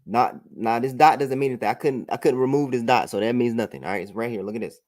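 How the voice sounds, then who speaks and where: A man's voice: medium pitch, fast, darkish tone. A man teaching a religious class over a broadcast, often saying "all right" and checking that his student follows along.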